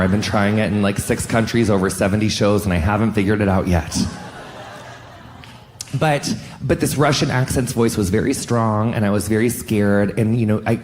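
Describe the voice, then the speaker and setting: A man doing a stand-up comedy set on stage, animated and swearing often, jumping up in pitch on punchlines. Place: stage in front of a live audience.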